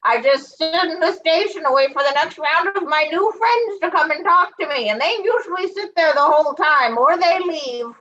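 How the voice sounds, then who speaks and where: A rambling bus-station oddball, played by a woman in an online improv scene. Her voice is high and bright, the chatter deadpan and odd. The audio is dull and lo-fi. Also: moderate pace, few pauses, slight background noise, full character voice. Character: eccentric woman who lives at the bus station.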